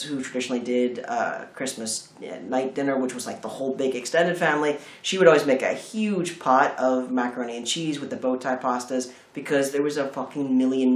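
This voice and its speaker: Rambling man in a roomy room. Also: mid-range voice. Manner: rambling, swears freely, tangents. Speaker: film review host. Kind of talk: casual chat.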